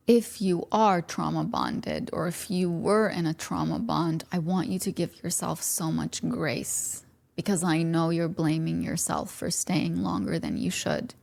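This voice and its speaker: A woman podcast host in a reflective monologue, her voice set a little low and threaded with gravelly fry. She talks gently and earnestly to the listener, easing now and then into a near whisper. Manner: earnest, speaks directly to the listener.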